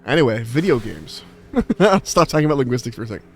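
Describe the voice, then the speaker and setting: A young man streams a game and chats in a loose, rambling way, often swearing and laughing at himself. His voice sits at an ordinary middle pitch. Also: very animated, fast talker, slight background noise. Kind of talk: casual gaming stream chat.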